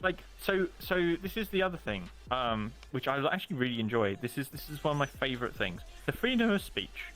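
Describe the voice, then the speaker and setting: A man's voice: mid-range voice, very animated, brisk, hardly any pauses, a bit bright, soft background music. A young man chatting casually on a stream, opinionated and swearing. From United Kingdom. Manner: opinionated, swears, mocks with put-on voices. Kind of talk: casual chat.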